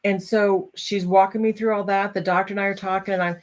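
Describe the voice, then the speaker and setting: A middle-aged woman host telling a personal story to an audience, animated and acting out the voices of others. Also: medium pitch, a little fast.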